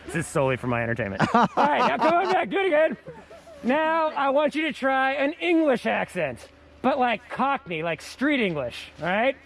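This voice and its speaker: High-voiced playful male teacher outdoors. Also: moderate pace, vocal fry, slight background noise. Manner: playful, energetic, repeats key words. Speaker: science teacher. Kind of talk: outdoor hands-on lesson. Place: outdoors in snow.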